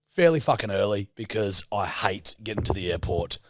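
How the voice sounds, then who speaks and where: A man's voice: on the low side, normal speed, a little hiss or hum. A young Australian man co-hosting a podcast, telling a story casually, swearing a lot and acting out the dialogue. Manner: swears freely, animated anecdote with quoted dialogue. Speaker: podcast co-host.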